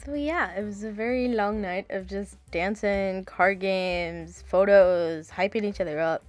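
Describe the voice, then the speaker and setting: A woman's voice: mid-range voice, a little slow, soft background music. A young woman in her late teens narrating her vlog in a chatty, gushing way. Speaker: vlogger.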